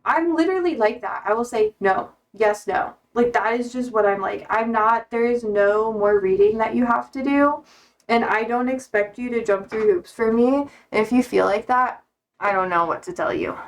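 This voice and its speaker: A young woman streamer chatting casually, reading out viewer comments, blunt and quick to swear and laugh. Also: on the high side.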